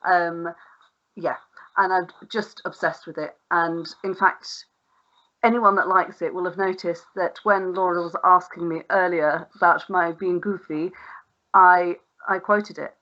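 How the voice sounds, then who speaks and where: A woman's voice: on the low side, steady tone, a little slow, pushed and bright, muffled recording. A woman co-hosting a podcast in casual, rambling chat, swearing freely and laughing often. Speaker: podcast co-host.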